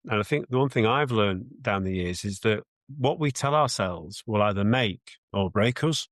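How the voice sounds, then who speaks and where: A man's voice: fairly low pitch, expressive, moderate pace, dry recording. A man with a British accent, a mindset coach answering interview questions in an earnest, reflective way, often restarting his sentences.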